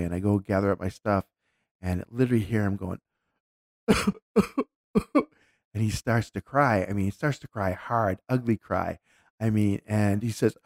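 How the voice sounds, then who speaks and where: A man with a low, gravelly voice tells a personal story in a relaxed, candid way, often circling back and restarting his sentences. The sound is close and dry. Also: normal speed, long pauses, dry recording. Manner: candid, reflective, with frequent restarts. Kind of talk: casual conversational storytelling.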